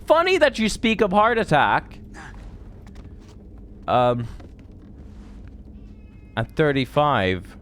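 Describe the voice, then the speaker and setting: A man's voice: a little high, huge pitch swings, slow pace, pauses often, fairly bright tone, slight background noise. Profane rambling streamer man. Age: 30s. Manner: rambling, profane, chatty with chat. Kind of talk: live gameplay commentary.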